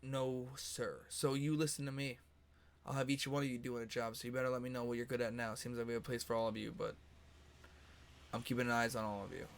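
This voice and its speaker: A man voicing a stern, bossy half-orc first mate who talks slow and firm. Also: medium pitch, flat delivery, vocal fry, clean tone, natural voice.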